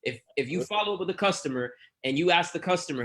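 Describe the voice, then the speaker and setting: Animated New York man telling stories. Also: a little high, quick pace, few pauses. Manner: animated storyteller who acts out customer exchanges. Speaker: guest phone reseller. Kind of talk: casual interview chat.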